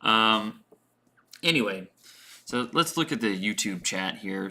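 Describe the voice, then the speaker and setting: A man's voice: lowish voice, lively intonation, slow, bright, forceful tone. A man teaching English on a casual livestream, thinking aloud as he answers chat questions with lots of fillers and repeated words.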